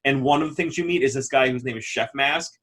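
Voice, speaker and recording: Male podcast co-host, mid-pitched voice, casual and lively, laughs a lot. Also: quick pace. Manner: animated, laughs and mimics characters often. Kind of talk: casual chat.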